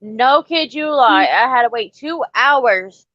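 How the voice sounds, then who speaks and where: A woman's voice: a little high, lively intonation, slow pace, dry recording. A woman hosting a casual live chat, blunt and salty, talking firmly to her dogs between questions. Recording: dry, slightly muffled lo-fi audio.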